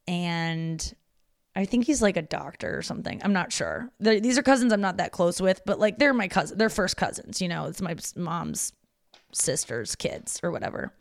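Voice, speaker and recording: Her voice is fairly low and gravelly with big pitch swings, delivered at normal speed, as a young woman hosts a casual solo podcast from her parents' house. She's confessional and chatty, using lots of filler words, and the studio-quality audio has no echo.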